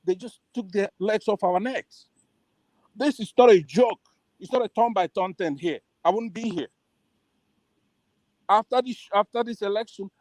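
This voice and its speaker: A man's voice: high voice, darkish tone, dry recording. A man taking part in an online discussion, speaking in an insistent, demanding way. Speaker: participant in a discussion. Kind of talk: heated casual talk.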